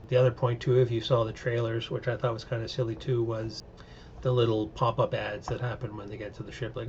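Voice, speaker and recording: A man's voice: medium pitch, fairly even intonation, normal speed, creaky, darkish tone, dull audio, a little hiss or hum. A man giving a casual, opinionated recap and review of TV episodes, rambling with many fillers. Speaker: show reviewer.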